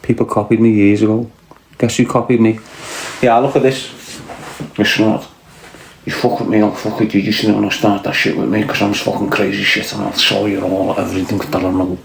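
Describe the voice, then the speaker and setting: A man's voice: fairly low pitch, little pitch movement, a little fast, creaky, reverberant, slight background noise. A man with a Scouse accent hosting a casual livestream, trading crude, swearing, mocking banter with his chat. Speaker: livestream host reading chat.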